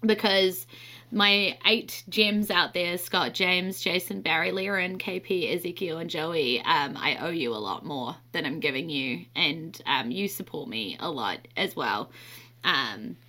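Bright-voiced young New Zealand woman. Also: fairly low pitch, measured pace. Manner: chatty and candid, often laughing. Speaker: podcast host. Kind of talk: casual podcast monologue.

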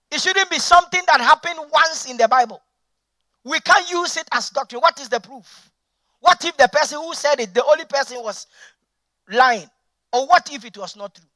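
High, bright-voiced emphatic male preacher. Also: dry recording. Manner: emphatic, repeats key phrases for emphasis; rhetorical questions, blunt plain-spoken points. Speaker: senior pastor. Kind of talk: sermon.

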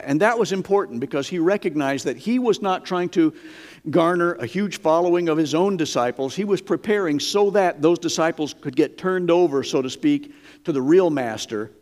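A man's voice: fairly high pitch, darkish tone. A man preaching a sermon in an emphatic, folksy way, with dramatic quoted lines.

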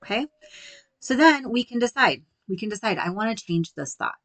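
A woman's voice: fairly high pitch, animated, moderate pace, fairly bright tone, no room sound, low-quality recording. A woman hosting a faith-based coaching podcast, encouraging and walking the listener through examples. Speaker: podcast host.

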